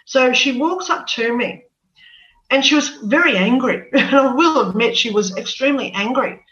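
A woman's voice: high voice, animated, moderate pace, sharp tone. A woman telling her personal story as an interview guest, earnest and repeating words as she goes. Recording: echoey, distant, dull sound.

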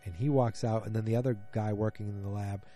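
A man with a lowish, mellow voice retells a TV episode in casual chat. He rambles, trails off and restarts often, with faint music somewhere behind him. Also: steady tone, fast talker. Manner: rambling, many fillers and restarts.

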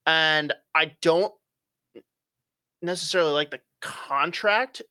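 Bright-voiced opinionated young man. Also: a little high, slow pace, no echo, studio quality. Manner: opinionated, swears casually, frequent fillers. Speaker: hockey podcast co-host. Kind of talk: casual sports chat.

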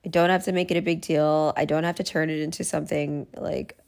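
Her voice is low and darkish with vocal fry, delivered fairly quickly in a fairly even tone. She's a podcast host alone at the mic, frankly musing aloud and making fun of herself.

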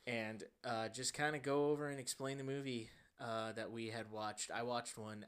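A man's voice: mid-range voice, flat delivery, normal speed, fairly bright tone, clean tone. A young man co-hosting a casual podcast, telling a story in a rambling, self-deprecating way with many fillers. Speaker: podcast co-host. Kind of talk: casual chat.

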